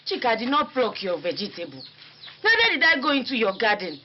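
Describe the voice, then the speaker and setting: An actress playing a patient, long-suffering wife with a Nigerian accent, speaking in pleading, soothing tones and firmly standing up for herself. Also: female voice, fairly high pitch, huge pitch swings, fast, a little hiss or hum. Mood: defensive. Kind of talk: film drama acting. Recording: dull lo-fi film sound with music.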